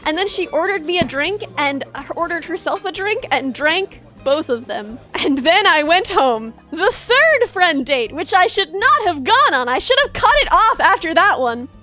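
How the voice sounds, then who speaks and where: Bright high-voiced young woman, chatty. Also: big pitch swings, normal speed, hardly any pauses, faint music behind. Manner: chatty, wry, lots of "like" and restarts. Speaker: streamer. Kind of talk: casual storytelling chat.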